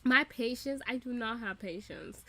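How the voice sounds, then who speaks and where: A young woman rants through a casual reaction commentary, swearing freely and laughing often. Her voice sits a little high and sounds bright and forceful. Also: normal speed. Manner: animated, profane, laughing often. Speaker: reaction video host.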